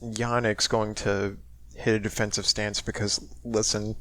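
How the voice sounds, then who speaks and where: A man playing a tabletop game, talking slowly and hesitantly about his character's moves. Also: slight background noise. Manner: slow, hesitant, lively pitch. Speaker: player. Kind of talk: casual tabletop play.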